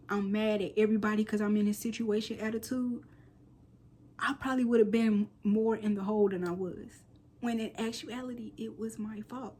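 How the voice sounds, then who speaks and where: A woman in her thirties chatting straight to her viewers in a relaxed daily vlog. She talks in an easy, slangy way, mixing lively storytelling with quiet, half-whispered side comments. Her voice sits at a medium pitch for a woman. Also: slight background noise. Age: 30s. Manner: chatty and animated, with slangy asides and playful soft whispered quips. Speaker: lifestyle vlogger.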